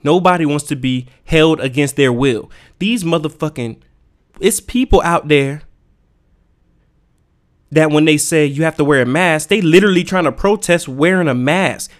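Heated, profane man ranting, slightly high voice. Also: normal speed. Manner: heated, profane, emphatic, rhetorical questions. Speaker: podcast host. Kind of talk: casual ranting monologue.

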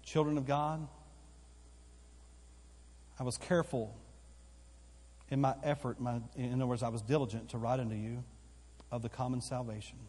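A man's voice: medium pitch, fairly even intonation, moderate pace, long pauses, darkish tone. A man preaching a sermon as pastor in a church auditorium, with emphatic repetition that builds in force. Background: live congregation hall.

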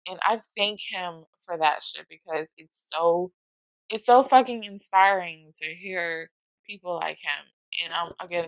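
A woman talking casually and emotionally about music, swearing often, with a gravelly voice. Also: on the low side, a bit bright, no room sound, poor audio.

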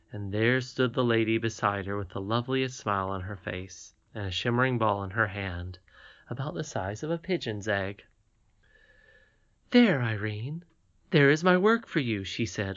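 A man narrating a storybook as an audiobook reader, soft and unhurried. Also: lowish voice, dry recording, dull audio.

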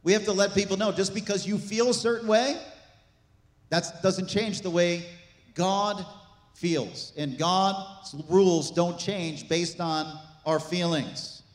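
A man preaching a sermon as pastor, animated, with asides and jokes to the congregation. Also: high-pitched, slow pace. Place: church sanctuary. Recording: echoey church hall.

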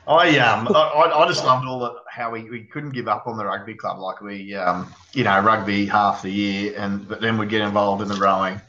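A man's voice: fairly low pitch, steady tone, normal speed, hardly any pauses, bright, forceful tone. An Australian man, a podcast guest, chatting casually, laughing often and restarting his sentences. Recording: echoey, dull lo-fi call audio.

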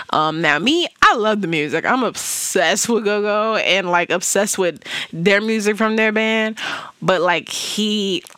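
Young adult woman vlogger, bright voice, dry close sound, chatty storytelling with asides. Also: on the low side, no room sound. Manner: chatty, lots of "you know what I'm saying" and laughs. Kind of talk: casual storytelling to camera.

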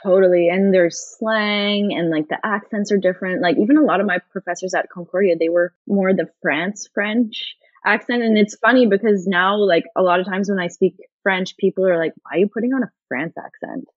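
A woman speaking as an interviewee in casual chat, talking in a fast-flowing way full of "like" fillers. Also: mid-range voice, steady tone, no room sound. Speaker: interviewee, former education student. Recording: dull, lo-fi recording.

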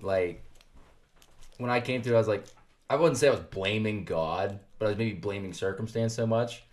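Low-voiced young man, earnest and reflective. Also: normal speed, a little hiss or hum. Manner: earnest, reflective, laughs easily. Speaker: podcast co-host. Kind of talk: casual chat.

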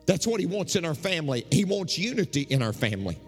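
A man preaching a sermon, his voice rising and falling in lively swings as he drives his points home. He slips into the voices of his congregants as he tells stories. The sound carries the long reverb of a church sanctuary. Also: fast, husky, faint music behind. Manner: animated preaching, mimics congregants with shifting pitch. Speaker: pastor.

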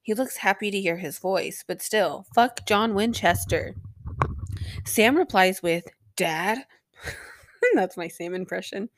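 A young woman hosting a podcast recaps an episode, rambling and sarcastic, with plenty of swearing and filler words. She speaks at medium pitch, a little slowly, with no echo.

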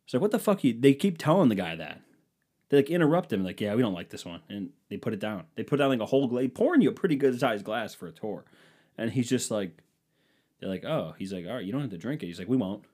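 A man's voice: on the low side, lively intonation, quick pace, darkish tone. A young man from the United States telling a rambling, profane, jokey story as a casual podcast host, acting out the exchanges.

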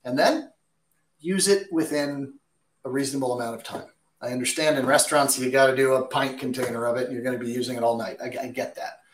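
A man's voice: medium pitch, fairly even intonation, fast talker, a little hiss or hum. A man who works as a chef, answering viewer questions with chatty, emphatic cooking advice in a kitchen. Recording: echoey room.

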